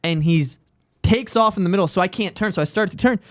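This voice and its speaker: A man's voice: high voice, fairly quick, no room sound, studio quality. A young man, a stand-up comic, telling a story in casual, profane podcast chat.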